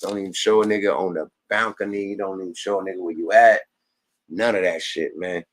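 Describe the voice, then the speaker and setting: Gravel-voiced deep man signing off a stream. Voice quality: gravelly, slurred like a drunk wino. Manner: profane street slang, drawling and gravelly. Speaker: livestream podcast host. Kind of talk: casual stream sign-off.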